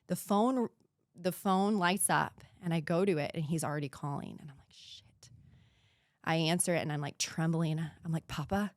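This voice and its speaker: A woman in her thirties talks through a painful personal story as a podcast guest. Her voice sits low, and she speaks earnestly, sometimes dropping to a hushed whisper. The recording is dry and close. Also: normal speed, no room sound.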